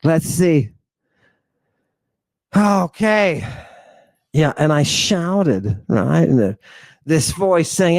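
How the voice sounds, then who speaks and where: A man's voice: fairly high pitch, lively intonation, very slow, long pauses, a little mellow, dry recording. A man giving an impassioned lecture on ancient texts. He talks emphatically, repeats his phrases and keeps checking with "right?".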